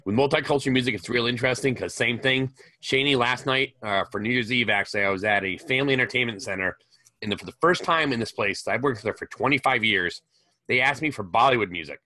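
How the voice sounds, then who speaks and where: Man DJ, casual storyteller, bright tense tone, dry call audio. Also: medium pitch, quick pace, no echo. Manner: conversational, storytelling. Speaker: DJ caller. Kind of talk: casual video chat.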